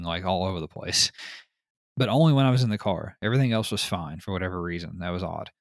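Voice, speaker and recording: A man hosting a podcast, telling stories in casual chat with an animated, rambling manner. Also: low voice, fairly quick, dry recording, clean studio sound. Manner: animated storyteller, frequent fillers. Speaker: podcast host.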